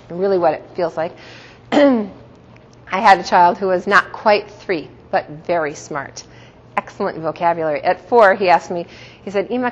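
A woman's voice: on the low side, a little hiss or hum. Middle-aged woman teaching in an echoing hall. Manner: warm, storytelling, laughs often. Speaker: religious teacher. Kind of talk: talk to a group. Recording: dull sound in a reverberant hall.

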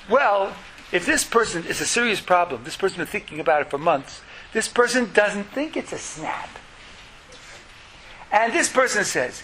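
A man teaching a lecture as a religious teacher, in an animated way that acts out quotes in lively voices. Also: high voice, normal speed, slight background noise, low-quality recording.

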